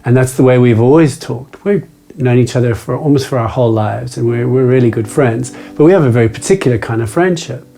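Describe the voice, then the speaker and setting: A man hosting a meditation video, talking casually to the camera, playful and self-mocking, moving between quick chatter and slow, deliberate phrasing. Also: mid-range voice, creaky, mellow, faint music behind.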